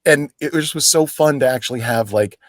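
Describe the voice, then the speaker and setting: A man's voice: mid-range voice, a little fast, no echo, studio quality. A man in his forties from Pennsylvania, an actor telling stories as a guest in a casual, chatty way, filling his talk with "like". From Pennsylvania, United States. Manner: animated, chatty, full of "like" fillers, acts out quoted people. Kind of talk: casual storytelling in an interview.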